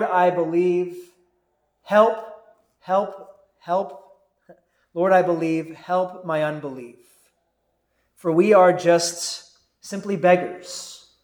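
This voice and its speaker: A man preaches a sermon in a high, unhurried voice. His delivery is earnest and deliberate, building to fervent cries. The sound rings with the echo of a church room. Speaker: pastor.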